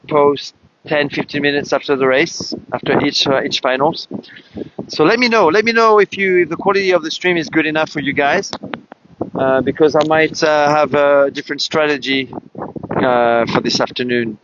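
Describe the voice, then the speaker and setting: A man giving live race commentary as announcer, excited and chatty, talking straight to viewers with many fillers, outdoors at a beach venue. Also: on the high side. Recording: dull livestream sound with clear outdoor noise.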